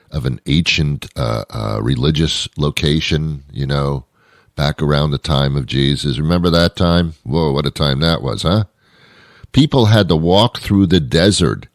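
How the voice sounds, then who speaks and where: A man's voice: extremely low pitch, no echo, clean studio sound. A man hosting his own show, delivering a rambling comic monologue full of wry asides and self-interruptions. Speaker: show host. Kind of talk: comedic monologue.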